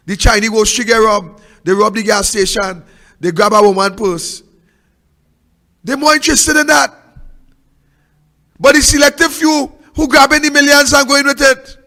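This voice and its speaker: In a large hall, a very high-pitched man with a Trinidadian accent hosts a political talk show. His commentary is passionate and sermon-like, packed with repeated rhetorical questions and shifting from loud to hushed.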